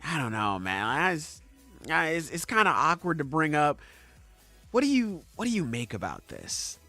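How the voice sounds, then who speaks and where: A podcaster voicing a bashful pirate first mate who hesitates and stammers in a lowered, quiet voice. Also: huge pitch swings, normal speed, dry recording, faint music behind, heavily acted. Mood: sheepish.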